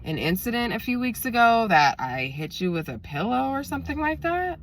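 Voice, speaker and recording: A woman voicing a flustered, apologetic older female coworker who talks in a soft, pleading, self-pitying way. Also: fairly high pitch, sing-song, moderate pace, distant mic, a little hiss or hum, pitched above the performer's own voice.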